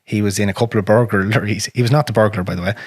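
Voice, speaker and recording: Irish male podcast host, raspy, quick, blunt and profane, dry close sound. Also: on the low side, fairly even intonation, dry recording. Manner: frank and profane, drops to a near whisper on painful memories. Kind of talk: casual conversation.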